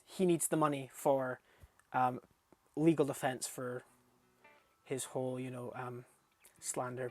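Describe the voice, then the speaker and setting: A young man rambling casually about a film in a review vlog, swearing freely and getting animated and laughing when something amuses him. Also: mid-range voice.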